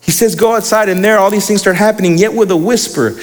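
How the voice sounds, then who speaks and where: Young male preacher, slangy and lively. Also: sits high, fast, in a large hall. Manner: casual slangy preaching, reads scripture aloud. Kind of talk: sermon.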